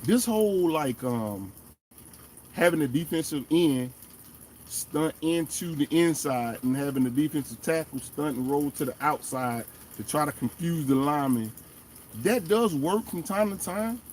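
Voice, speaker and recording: A man hosting a fan show, giving animated, emphatic casual commentary and talking straight to the players. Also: fairly high pitch, measured pace, a little hiss or hum. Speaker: sports fan show host.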